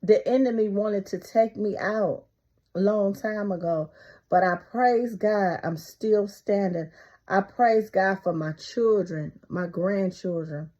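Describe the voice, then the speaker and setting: A woman's voice: medium pitch, a little mellow. A middle-aged woman speaking spontaneously to her viewers, giving fervent, repetitive devotional encouragement with casual asides. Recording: slightly dull lo-fi recording.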